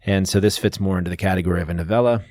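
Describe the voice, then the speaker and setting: Low-voiced man explaining books casually. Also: fairly even intonation, rapid-fire, a little mellow, no echo, clean studio sound. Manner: explanatory, lists facts, frequent restarts. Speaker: podcast host. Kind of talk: casual book discussion.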